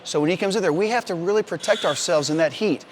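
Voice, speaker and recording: A firefighter speaks to a young audience with a voice a bit higher than most men's. He keeps things simple and patient, talking straight to the kids. A faint hiss sits under the speech. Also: fast talker. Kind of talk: explaining gear to children.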